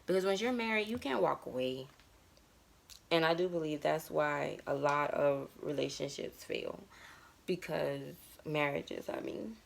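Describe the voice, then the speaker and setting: A woman's voice: sits low, a little slow, vocal fry. A woman in her thirties talking candidly and emotionally about her life in a personal vlog monologue. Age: 30s. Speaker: vlogger.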